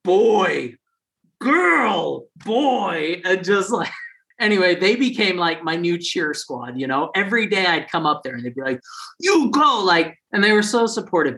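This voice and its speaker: A man's voice: sits high, animated, moderate pace, sharp tone. A man in his forties telling a personal story in a casual way, acting out the people he quotes in raised, funny voices.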